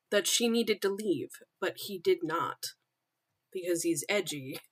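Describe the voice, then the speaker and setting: A woman's voice: medium pitch, sharp tone. A young woman streamer reading her own story aloud on a casual livestream, breaking off to laugh, swear and comment on her own writing.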